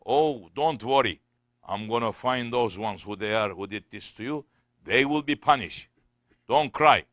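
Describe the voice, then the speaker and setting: A man's voice: mid-range voice, sing-song, moderate pace, hardly any pauses, a bit bright, dry recording, voice pushed up. A man voicing a caliph in a story, speaking in an earnest, comforting way. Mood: reassuring.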